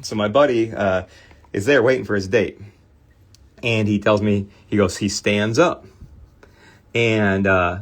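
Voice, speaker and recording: Middle-aged male host, lowish voice, relaxed rambling storyteller chatting with a livestream audience. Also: breathy edge. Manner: rambling storyteller, laughs often, chatty with viewers. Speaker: card cleaning livestream host. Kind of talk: casual livestream chat.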